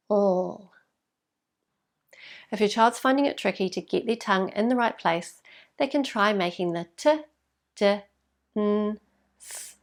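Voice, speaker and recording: Creaky-voiced New woman teaching. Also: medium pitch. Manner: clear, patient, demonstrates sounds slowly. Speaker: speech therapist. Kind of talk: instructional explanation for parents.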